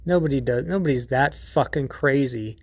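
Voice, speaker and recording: A man's voice: mid-range voice, moderate pace, no room sound. A man hosting a podcast in a casual monologue, rambling and profane, with many restarts. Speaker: podcast host.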